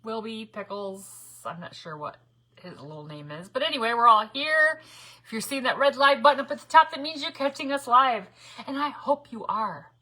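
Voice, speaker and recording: Middle-aged woman chatting on a craft livestream, bright voice, bit husky, greets everyone, laughs a lot. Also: a little high, moderate pace. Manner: chatty, greets viewers by name, laughs often. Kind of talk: casual live-stream chat. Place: craft room at home.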